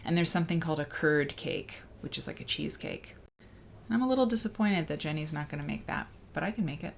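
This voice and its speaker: A woman with a deep, low voice hosts a relaxed livestream. She rambles and cuts herself off mid-thought, stopping to greet viewers by name. A faint noise sits under her voice. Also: brisk, gravelly. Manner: rambling, chatty, self-interrupting. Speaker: livestream host. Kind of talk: casual livestream chat.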